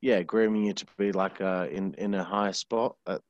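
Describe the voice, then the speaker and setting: A man's voice: low voice, fairly even intonation, moderate pace, no echo, highs cut off. A man hosting an interview, asking long, hesitant questions with many fillers. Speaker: interviewer, podcast host. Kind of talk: casual interview.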